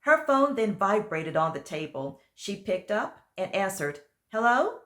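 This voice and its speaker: Female author-narrator, earnest and measured, medium pitch. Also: big pitch swings, fairly bright tone. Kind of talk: book reading narration.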